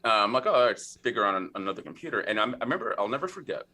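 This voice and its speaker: A man in his forties, a podcast guest, telling a story in a chatty, animated way, acting out lines of old game text. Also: lowish voice, very fast. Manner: chatty, full of fillers and "right?". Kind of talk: conversational storytelling.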